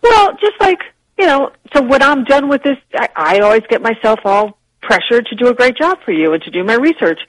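A woman guest on a radio talk show, explaining ideas in a lively, chatty way and laughing easily. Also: a little high, a little fast, no echo, rough recording. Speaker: guest, publishing executive. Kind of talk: casual radio interview.

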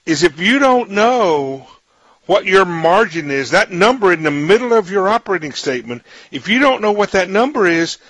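A male radio talk show host speaks in a relaxed, conversational way, often doubling back on his words. His voice sits a little high for a man. The sound is close and dry, with no room echo. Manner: chatty, repeats words while searching for phrasing. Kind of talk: casual radio interview.

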